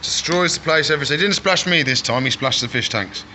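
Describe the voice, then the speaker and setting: Bright-voiced chatty man feeding pets. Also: fairly high pitch, fast, a little hiss or hum. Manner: chatty, coos affectionately at animals. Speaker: exotic pet keeper and channel host. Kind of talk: casual vlog narration while feeding animals.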